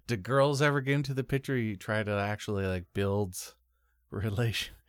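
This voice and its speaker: A man's voice: fairly low pitch, fairly even intonation, moderate pace, no echo, studio quality. A man hosting a casual interview, teasing his guest and laughing easily. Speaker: podcast host.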